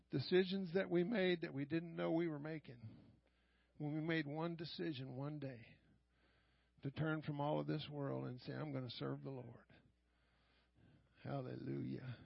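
An older man leading fervent prayer and preaching at a church service, often shouting and repeating lines of praise. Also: fairly high pitch, fairly even intonation, normal speed, vocal fry, long pauses, dry recording, muffled recording.

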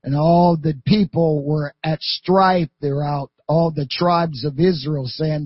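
A man reads scripture aloud, slow and deliberate, with a slightly husky voice. His voice sits a little above the usual pitch for a man, and the recording is dry and a bit dull. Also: steady tone, no room sound. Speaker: scripture reader.

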